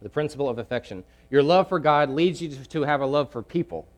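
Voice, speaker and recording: Emphatic male preacher, slightly high voice. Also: animated, quick pace. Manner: emphatic, repeats key phrases, swings between loud and hushed. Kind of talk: sermon.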